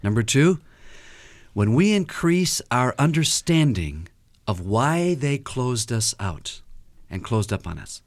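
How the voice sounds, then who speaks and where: A man speaking as a guest counselor on a radio talk show, his middle-pitched voice rising and falling a great deal. He tells stories with energy and acts out what people said. The sound is close and dry. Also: takes it slowly, no echo. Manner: animated storyteller who acts out quotes.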